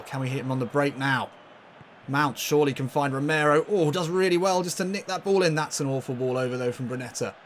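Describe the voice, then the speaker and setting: A man commentating casually on his own football video game match, getting loudly excited and laughing at near misses. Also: mid-range voice, slight background noise. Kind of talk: casual let's-play commentary.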